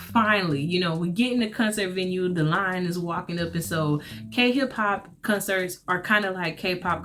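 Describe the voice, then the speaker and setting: A woman vlogger telling a story in a casual, chatty way, often talking straight to her listeners. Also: lowish voice. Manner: chatty, emphatic, addresses listeners as y'all.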